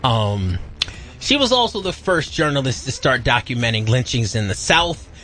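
A man co-hosting a casual radio show, riffing loudly with exaggerated quoted outbursts. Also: medium pitch, big pitch swings, moderate pace, slight background noise. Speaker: radio co-host.

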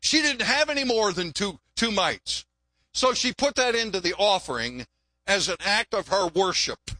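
Folksy older pastor with a bright, high voice. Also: male voice, lively intonation, normal speed, no echo. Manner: folksy, joking, repeats words. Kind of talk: sermon.

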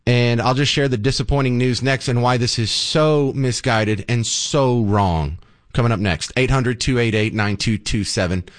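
A man hosting a talk radio show, speaking casually in a joking, animated way with frequent restarts, into a studio microphone. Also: medium pitch, moderate pace. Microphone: studio broadcast mic.

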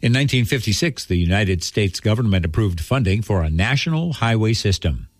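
A man hosting a short radio history segment, reading a script in a measured, even way. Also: lowish voice, no echo, clean studio sound.

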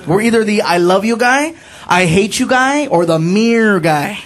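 A man performing a stand-up comedy routine, loud and animated, shouting punchlines and laughing along. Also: high-pitched, normal speed. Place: comedy club stage with laughing audience. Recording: live show with crowd noise. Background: audience laughter.

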